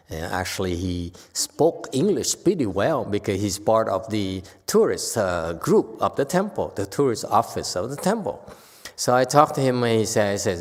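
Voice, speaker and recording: A man giving an informal Buddhist dharma lecture, talking conversationally with animated bursts and frequent restarts. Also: lowish voice. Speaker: Buddhist teacher. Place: temple lecture hall. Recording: long hall reverb.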